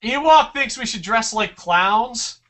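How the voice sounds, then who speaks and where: A man's voice: extremely high pitch, animated, takes it slowly, sharp tone, recorded from a distance. Swearing, rambling young guy off-mic. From New Jersey. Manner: profane, rambling storyteller. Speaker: podcast co-host. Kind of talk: casual podcast chat.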